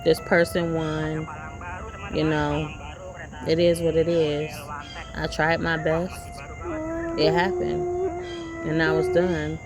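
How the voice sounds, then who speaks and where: A woman's voice: low voice, expressive, slow pace, pauses often, over music, poor audio. A woman vlogger giving a rambling, preachy motivational talk, repeating her points as she goes. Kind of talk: casual motivational monologue.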